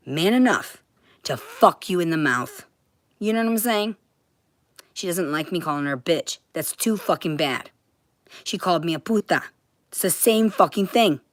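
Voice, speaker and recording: A woman with a notably low voice rants to her stream audience, swearing in nearly every sentence. The sound is dry and close, with no room around it. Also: no room sound. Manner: profane, ranting, swears constantly. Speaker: vlogger. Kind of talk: livestream rant to viewers.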